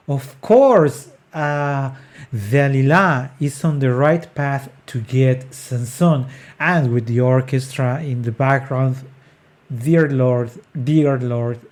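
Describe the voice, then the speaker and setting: A singing coach walks through an aria at a slow, deliberate pace, choosing words carefully and often starting them over. Short sung syllables break up the explanation to show how a phrase should move. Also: mid-range voice, darkish tone. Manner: sings short demonstration syllables between explanations.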